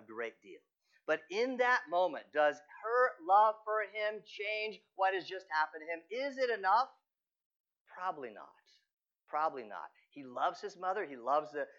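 A man's voice: on the high side, fairly bright tone, highs cut off. A male pastor giving a conversational sermon, telling stories and asking rhetorical questions.

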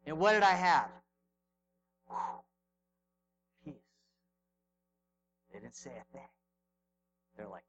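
A middle-aged male pastor preaching a sermon, telling stories with sudden swings from loud to hushed. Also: a little high, sing-song, slow pace, long pauses, slight background noise, poor audio.

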